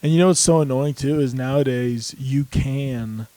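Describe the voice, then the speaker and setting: A young man co-hosting a podcast, telling laid-back stories in casual chat and mimicking other people in higher voices. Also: normal speed, warm tone, no echo, poor audio. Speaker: podcast co-host.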